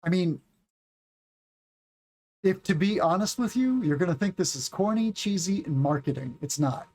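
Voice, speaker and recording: Animated and a little mellow, his high voice moves at a moderate pace as this man in his forties teaches English over a casual livestream. He chats and rambles, drawing out words to show how stress and intonation work.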